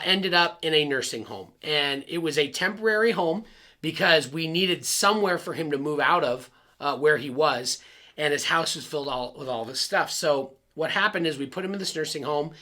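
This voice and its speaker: Earnest bright-voiced man telling a story. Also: on the high side. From Arizona. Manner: earnest, confiding, addresses listeners directly. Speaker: pastor. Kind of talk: personal story sermon.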